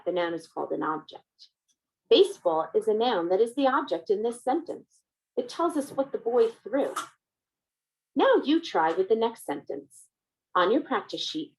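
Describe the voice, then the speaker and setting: Woman, lesson narrator, scripted, slow and clear, animated pitch, somewhat high. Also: low-quality recording. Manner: slow, clear, explaining step by step. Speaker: instructional video narrator.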